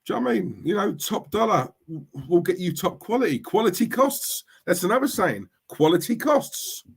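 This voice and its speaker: Here a middle-aged football-fan streamer talks fast in a high-pitched, husky voice full of vocal fry and big pitch swings. Fired-up and repetitive, he rants on stream, reads chat aloud and keeps asking "yeah? right?" at every turn.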